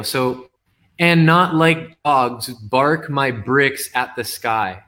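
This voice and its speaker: A man talking over a video call, his voice sitting at an ordinary middle pitch. He explains his poem haltingly and keeps stumbling back over his own words. He sounds like a guest sharing his work. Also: bright, forceful tone. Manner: hesitant, repeats words and restarts often. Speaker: poet guest. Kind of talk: casual explanation and poem reading.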